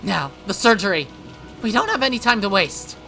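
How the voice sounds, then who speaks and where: Raised-voice panicking staffer done by a man; bright and strained, barking orders. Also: high-pitched, lively intonation, moderate pace, creaky, faint music behind, pitched above the performer's own voice, full character voice. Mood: urgent shouting. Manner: shouting urgent orders. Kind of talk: visual novel voice acting.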